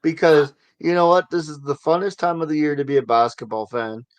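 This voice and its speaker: A man's voice: on the high side, steady tone, fairly quick, no echo. A man hosting a casual sports talk show, chatty and given to sarcastic asides. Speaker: sports podcast host.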